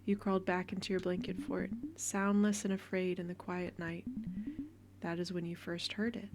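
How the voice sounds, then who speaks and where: A woman game streamer reading the narration of a story game aloud in a soft, unhurried way. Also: lowish voice, little pitch movement, slight background noise.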